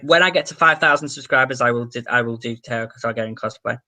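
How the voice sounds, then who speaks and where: Bright-voiced man chatting on a livestream. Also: medium pitch, quick pace. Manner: chatty and offhand, answering chat questions. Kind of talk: casual chat reading viewer comments.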